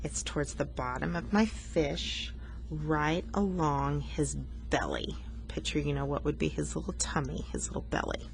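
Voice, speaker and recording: A woman's voice: sits low, animated, moderate pace, gravelly, slight background noise. A woman art teacher talking students through a coloring lesson, patient and explanatory, teasing herself now and then.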